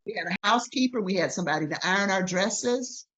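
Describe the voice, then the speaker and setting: A woman's voice: medium pitch, fast talker, breathy edge, low-quality recording. An older woman, a guest in an interview, telling her life story emphatically and acting out what others said. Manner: emphatic, animated retelling with voiced quotes. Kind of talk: storytelling in conversation.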